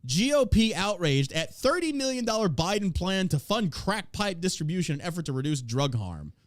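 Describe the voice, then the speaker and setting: A man's voice: high-pitched, very animated, normal speed, dry recording, studio quality. A man hosting a podcast, ranting in a profane, sarcastic, casual way about politics. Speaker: podcast host.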